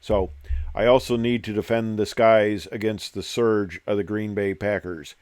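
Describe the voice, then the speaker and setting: Older male host, retired pilot, wandering humorous monologue, slightly low voice, dry close recording. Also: fairly even intonation, measured pace, darkish tone, clean tone, no room sound. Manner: joking, digressive storyteller with many fillers. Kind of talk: casual rambling monologue.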